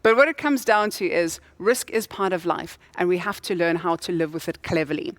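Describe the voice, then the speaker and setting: A woman's voice: fairly low pitch, a little fast, no echo. A woman in her thirties from Cape Town, hosting an awards event with a chatty, playful, storytelling delivery. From Cape Town, South Africa. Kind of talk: stage hosting speech.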